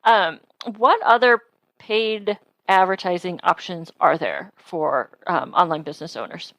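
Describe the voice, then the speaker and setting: A woman's voice: lowish voice, measured pace, fairly bright tone, dry recording, rough recording. A woman hosting a podcast, asking her guest friendly, conversational questions. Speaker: podcast host. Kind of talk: casual podcast interview.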